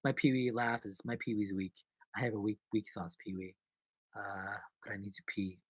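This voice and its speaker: A young adult man, an actor and vlogger, chatting casually on a live stream in a jokey, rambling way, jumping between loud bursts and low mumbles. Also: steady tone, moderate pace, slightly rough, dry recording.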